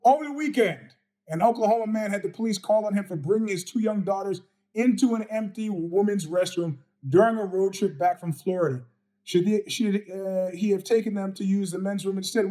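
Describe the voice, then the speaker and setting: A man's voice: high voice, brisk, warm tone. A middle-aged man hosting a mailbag show, answering viewer questions in a blunt, profane, combative monologue. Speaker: podcast host.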